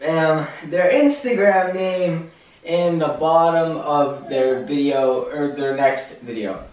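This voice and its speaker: A man vlogging in a casual chat, explaining things slowly with lots of fillers. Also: on the high side. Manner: unhurried, filler-heavy explaining. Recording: echoey room, far from the mic.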